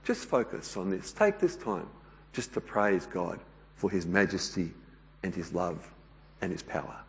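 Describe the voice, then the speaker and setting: A pastor giving a sermon in church, speaking gently and unhurriedly with occasional fillers. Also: male voice, sits low, sing-song, measured pace, gravelly, long reverb tail.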